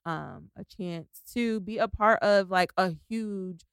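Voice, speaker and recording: A woman's voice: medium pitch, slow, gravelly, clear, resonant tone, dry recording, clean studio sound. A woman co-hosting a podcast in chatty, rambling casual chat, full of "like" and "you know". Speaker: podcast co-host.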